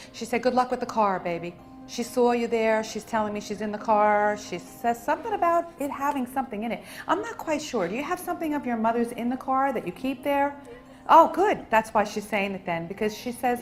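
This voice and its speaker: A woman's voice: fairly high pitch, rough recording. Soothing woman giving a live spirit reading. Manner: soft, soothing, tender, calling people honey and sweetheart. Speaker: medium at a public reading.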